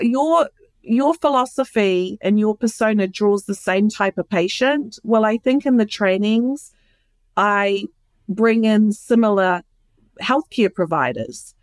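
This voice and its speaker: A woman's voice: a little high, expressive, unhurried, no echo. A woman being interviewed, telling her own story in a candid, heartfelt way. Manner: earnest and heartfelt, with many restarts. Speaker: interview guest.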